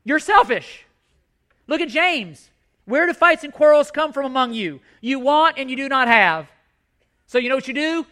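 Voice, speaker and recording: A man's voice: very high voice, expressive, moderate pace, pushed and bright. A male pastor preaching a sermon, impassioned and emphatic, repeating his key points.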